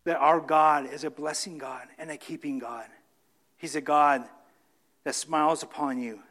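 A man's voice: fairly even intonation, a little slow, a bit bright. A male pastor preaching and then praying with fervent, pleading emphasis, saying he is losing his voice. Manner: fervent, pleading, voice dropping low in prayer. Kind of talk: sermon and closing prayer.

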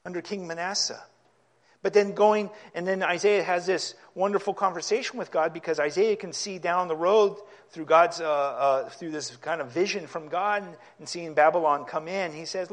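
Male preacher with a higher-pitched voice; an expository sermon that swells into near-yelling. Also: moderate pace. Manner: impassioned, rising to yelling at times; reads scripture aloud and explains it.

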